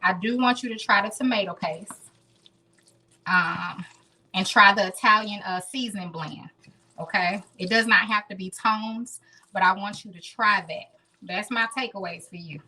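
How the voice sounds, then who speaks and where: Chatty thirty-something woman, bright voice. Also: mid-range voice, normal speed, breathy edge. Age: 30s. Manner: chatty, talks straight to viewers. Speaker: home cooking show host. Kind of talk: casual live cooking stream. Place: home kitchen.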